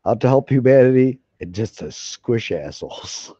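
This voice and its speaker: A man's voice: mid-range voice, moderate pace, breathy edge, no room sound. A middle-aged man talking casually as a gaming streamer, rambling, swearing freely and restarting his sentences. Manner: profane, excitable, full of restarts. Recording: dull lo-fi sound.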